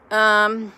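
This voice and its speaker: Rambling chatty woman, bright voice. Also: mid-range voice, clean tone. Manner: rambling, chatty, addresses viewers as "you all". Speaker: live-stream host. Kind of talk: casual live-stream chat.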